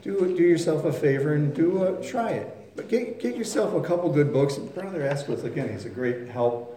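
A man's voice: fairly high pitch, lively intonation, normal speed, warm tone, a little hiss or hum. A man preaching a sermon in a folksy, storytelling way, acting out voices and sounds. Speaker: pastor. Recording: very echoey room.

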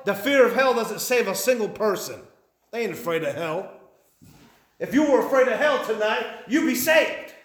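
A fiery pastor preaching to his church, his voice pitched high for a man and ringing through a roomy, echoing hall. He pleads and warns in a folksy drawl. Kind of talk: sermon.

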